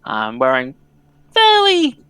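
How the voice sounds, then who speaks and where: A man's voice: medium pitch, wildly swooping pitch, slow pace, sharp tone, smooth, no room sound. Casual man narrating as game master. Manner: casual, filler-heavy narration.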